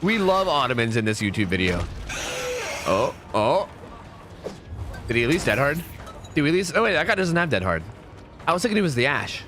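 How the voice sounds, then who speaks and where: Chatty young man with very lively pitch. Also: brisk, long pauses, over music. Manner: chatty, jokey, with sudden high exclamations. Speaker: streamer playing a horror game. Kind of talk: casual gameplay commentary.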